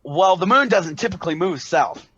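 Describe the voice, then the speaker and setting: A man's voice: high-pitched, animated, normal speed, bright, forceful tone, slightly rough, dry recording, dull audio, voice pushed up, heavily acted. A man voicing a confused young man raising puzzled objections.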